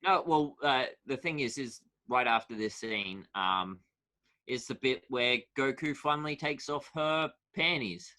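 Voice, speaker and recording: Bright-voiced man recapping an episode. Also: medium pitch, lively intonation, a little slow. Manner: recaps scenes plainly, short agreeing replies. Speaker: podcast co-host. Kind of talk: casual chat, recapping an episode.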